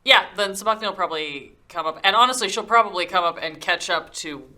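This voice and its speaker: A woman's voice: lowish voice, fast talker, sharp tone. A woman playing at a tabletop game, rambling as she thinks aloud about her character's moves. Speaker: player.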